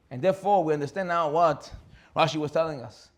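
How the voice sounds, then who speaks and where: A man, a rabbi, giving a sermon with animated storytelling, rhetorical questions and frequent laughs. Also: on the high side, a little fast.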